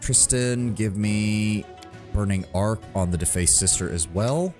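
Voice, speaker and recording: A man's voice: lowish voice, a little slow. A man streaming a video game, chatting casually and swearing often as he plays. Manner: profane, animated, muttering. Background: faint game music.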